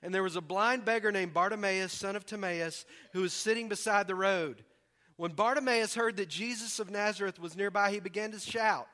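A man from the preaching a sermon, animated and acting out voices with humor. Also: high voice, brisk. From American South. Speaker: pastor.

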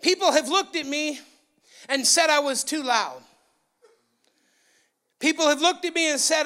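A man preaching a sermon in a church, excitable and loud, his voice rising into yelling. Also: very high-pitched, measured pace, pauses often. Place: church sanctuary.

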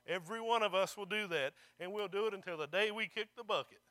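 A man preaching a sermon in a strikingly high, piercingly bright voice. His tone is smooth and resonant as he presses his points and calls out for amens from the congregation. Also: fast. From not local to the congregation. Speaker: pastor.

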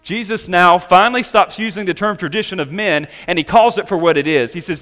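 Bright, high-voiced man preaching. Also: faint music behind. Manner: emphatic preaching, slowing down to stress key words. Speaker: pastor. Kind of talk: sermon.

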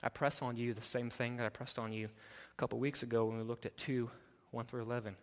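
A man preaching a sermon as pastor, passionate, swinging from loud emphatic stretches to quiet, low appeals. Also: level tone, brisk, in a large hall. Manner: impassioned, rising to loud emphatic preaching then dropping low.

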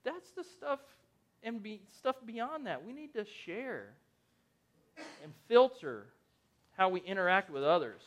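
A man's voice: sits high, sing-song, a little slow, long pauses, a bit bright, highs cut off, a little hiss or hum. A man in his thirties preaching a conversational sermon, asking the congregation questions and telling stories about his family. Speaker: pastor.

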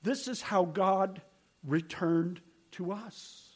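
A man's voice: sits high, slow. An older man preaching a sermon, telling stories in an earnest, conversational way. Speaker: pastor.

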